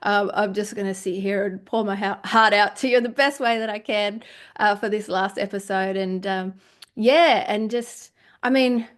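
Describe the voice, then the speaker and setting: A woman's voice: medium pitch, steady tone, moderate pace. A woman hosting her own podcast, talking alone in a chatty, heartfelt, rambling way. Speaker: podcast host. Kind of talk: casual solo monologue.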